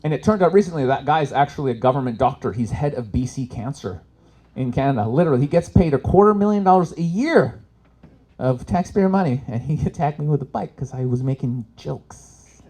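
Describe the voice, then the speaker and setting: A male stand-up comedian working a live crowd from an event stage. He swears freely and jumps from loud punchlines to quiet, muttered asides, with a mid-range voice. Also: expressive, brisk. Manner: profane, swings between loud punchlines and low asides.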